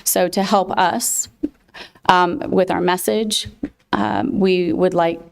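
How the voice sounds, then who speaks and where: A woman presenting her college access programs to a county board, speaking with many fillers and pauses. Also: fairly low pitch, steady tone, creaky, clear, resonant tone. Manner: halting, many fillers, emotional thanks. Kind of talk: public presentation at a board meeting.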